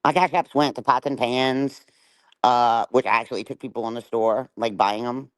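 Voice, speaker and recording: A woman's voice: rumbling low, moderate pace. A middle-aged woman rants on her livestream and swears through every line. She taunts and confronts the people she addresses. The sound is dry, with no room echo. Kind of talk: livestream rant.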